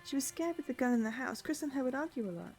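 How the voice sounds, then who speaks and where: A woman reading game dialogue aloud, voicing a guilty, hopeless young man who speaks in a shaky, halting, pleading way. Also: sits high, animated, darkish tone, faint music behind, voice pushed up. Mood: confessing.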